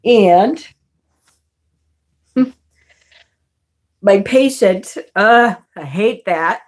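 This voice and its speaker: A woman's voice: mid-range voice, animated, very slow. A woman vlogger telling a personal story in a casual, chatty way, swearing and laughing often.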